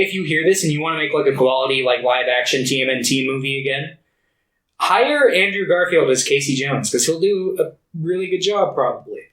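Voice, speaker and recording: A man's voice: on the high side, a bit bright. Sarcastic, cursing man in an echoey room. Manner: profane, sarcastic banter. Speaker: podcast co-host. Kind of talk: casual movie chat.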